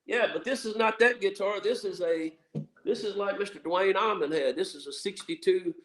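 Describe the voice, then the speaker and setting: A man's voice: high voice, moderate pace. A bluesman from Mississippi with a Southern accent, telling stories on a radio show in a rambling way full of fillers. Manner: meandering, filler-heavy storytelling. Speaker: blues musician guest. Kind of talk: rambling radio interview chat.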